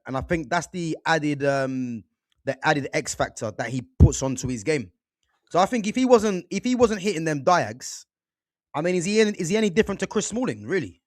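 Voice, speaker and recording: A man's voice: fairly high pitch, dry recording. A man in a casual football debate, hanging tags like "yeah?" and "you know" on his points. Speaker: football podcast co-host.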